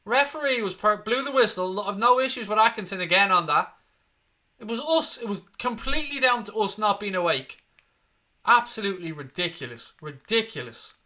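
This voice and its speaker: A man's voice: high-pitched, lively intonation, moderate pace, pushed and bright. A man hosting a live football watchalong, reacting bluntly to the match and swearing freely as he talks his viewers through it. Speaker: football fan channel host.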